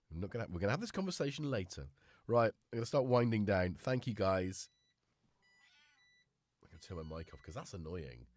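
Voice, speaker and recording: A man hosting a relaxed live stream, chatting casually and talking fondly to his cats. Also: low-pitched, normal speed, dry recording. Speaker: livestream host.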